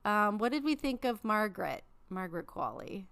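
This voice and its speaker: A woman co-hosting a podcast in casual chat, animated and acting out her reactions. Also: mid-range voice, normal speed, gravelly. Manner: animated, exclaims and acts out reactions. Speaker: podcast co-host.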